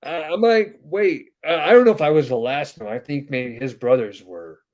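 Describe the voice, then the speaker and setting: A man's voice: on the high side, lively intonation, normal speed, darkish tone. Chatty rambling male podcast host. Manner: rambling, many "uh" fillers, acts out quoted voices. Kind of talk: casual storytelling chat.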